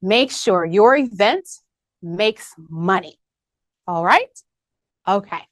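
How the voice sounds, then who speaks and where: A woman's voice: medium pitch, lively intonation, slow, no echo. A woman presenting at a company managers' meeting, upbeat and coaching, repeating her key points.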